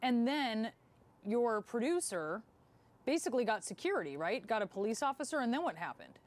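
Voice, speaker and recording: Woman news anchor, steady delivery. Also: on the high side, moderate pace.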